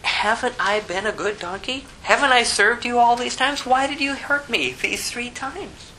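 A man's voice: extremely high pitch, moderate pace, sharp tone, slight background noise, voice pushed up, full character voice, rough recording. A man voicing a meek, mistreated talking donkey that pleads with its master. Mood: hurt pleading. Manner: plaintive, pleading questions.

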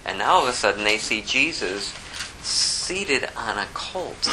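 A man's voice: mid-range voice, very animated, slow pace, noisy background. A man preaching a sermon, reading scripture and asking the congregation rhetorical questions in a conversational way. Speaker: pastor.

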